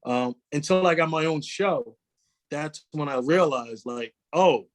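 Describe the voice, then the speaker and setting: A man in his forties, a comedian telling animated stories in a casual interview and slipping into quoted voices. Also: fairly high pitch, measured pace. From New York. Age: 40s. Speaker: guest comedian.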